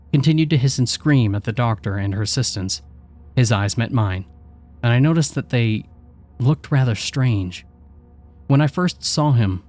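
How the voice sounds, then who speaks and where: Brief: male horror narrator, mid-pitched and measured, faint music underneath. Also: darkish tone.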